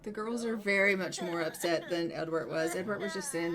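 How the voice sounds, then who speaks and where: With a crowd audible behind her, a woman with a lowish voice hosts a gaming video at a fairly quick pace. She keeps up relaxed let's-play chatter, giving voice to how her characters react.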